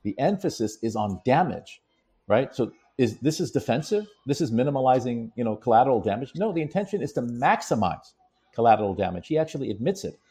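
A man talks through the background in an easy conversational way, pausing to read quotations with weight. His voice is dark and mellow, with a husky edge. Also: medium pitch, lively intonation. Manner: explanatory, reads quotes aloud with emphasis. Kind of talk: conversational commentary.

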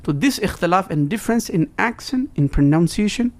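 Fast-talking man explaining scripture. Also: high voice, expressive. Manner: earnest, broken English with quoted Arabic recitation. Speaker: guest religious scholar. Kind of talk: explaining in conversation.

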